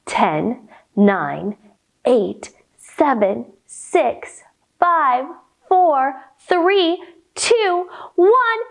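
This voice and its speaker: A woman leading a children's yoga storytime, guiding gently and playfully. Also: high voice, lively intonation, gravelly. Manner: gentle, playful, slow sing-song guiding. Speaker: kids' yoga story teacher.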